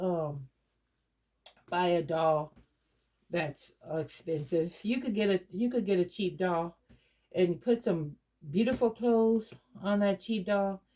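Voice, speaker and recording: This doll collector vlogger, a middle-aged woman, talks to camera with a lowish, warm voice. Her casual chat wanders, full of fillers and false starts.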